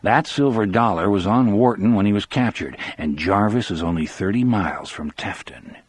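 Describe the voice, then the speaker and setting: Husky, low-voiced male audiobook narrator. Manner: measured, sober first-person telling. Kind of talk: scripted narration.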